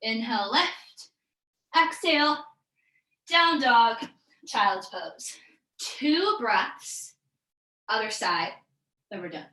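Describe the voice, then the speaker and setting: A woman's voice: fairly high pitch, lively intonation, drawn-out words, pauses often, bright, forceful tone, roomy sound, poor audio. A woman teaching a live online yoga class, calling out breaths and poses in an upbeat, encouraging way, a bit out of breath. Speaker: yoga instructor.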